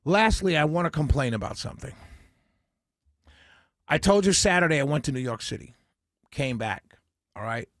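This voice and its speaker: A man with a high-pitched voice hosts a talk radio show from a studio microphone. He sounds emphatic and opinionated, thinking out loud as he goes. The sound is dry and close. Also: lively intonation, normal speed, pauses often, no echo.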